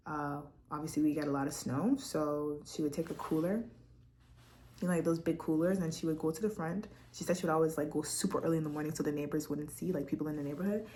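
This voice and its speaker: A young woman from Quebec talks at home into her laptop with a slightly low voice. She shares a personal testimony in a candid, heartfelt and chatty way. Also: fairly even intonation, fast talker, dark tone, slight background noise. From Quebec, Canada. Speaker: vlogger.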